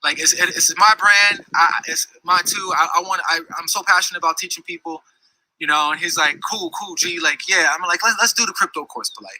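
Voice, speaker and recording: A man's voice: high voice, fairly quick, pushed and bright, no echo, low-quality recording. A man telling a long personal story in a casual, heated, rambling way, full of restarts and asides. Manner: heated, rambling, many restarts and "you know what I'm saying". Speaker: storyteller recounting a dispute.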